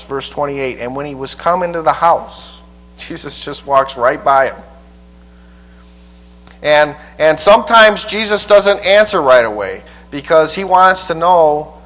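A man preacher teaching a Bible passage verse by verse in a folksy, halting way, often repeating his words. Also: a little high, lively intonation, a bit bright, low-quality recording.

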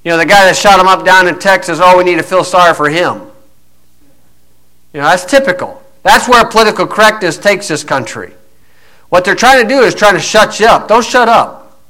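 A man's voice: high-pitched, fairly quick, bright, forceful tone, low-quality recording. A man preaching a blunt monologue in a combative, scornful, folksy way, full of fillers.

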